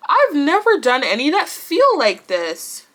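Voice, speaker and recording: Bright-voiced, blunt woman vlogger. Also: sits high, unhurried. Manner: animated and blunt, swears, laughs often. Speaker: wrestling vlogger. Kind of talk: casual vlog chat.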